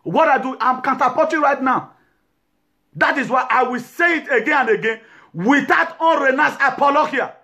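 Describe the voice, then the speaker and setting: Fiery high-voiced man. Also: moderate pace, pushed and bright. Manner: fiery, lecturing, mixes English with Yoruba and pidgin. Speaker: activist host. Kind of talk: impassioned talk to camera.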